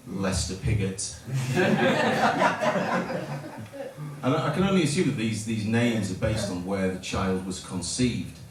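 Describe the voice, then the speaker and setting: A middle-aged man rambles through a stand-up set, stopping himself mid-sentence before dry punchlines. His low voice reaches the listener from a distance in a very echoey pub room. Heavy room noise and audience laughter sit behind him. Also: animated, slow pace, long pauses. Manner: rambling, self-interrupting delivery with dry punchlines. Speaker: stand-up comedian. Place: pub function room at a comedy night.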